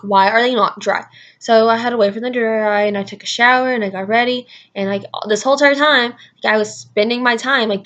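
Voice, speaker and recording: With a medium pitch and a fairly bright tone, a young adult woman rambles through a casual vlog story, saying "like" over and over. The highs are cut off in the audio.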